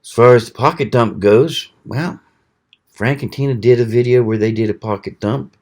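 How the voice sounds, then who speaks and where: A man hosting his own channel, talking casually in a slow, rambling way with many pauses and fillers. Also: medium pitch, steady tone, darkish tone. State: hiccuping. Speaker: channel host. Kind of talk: casual knife review vlog.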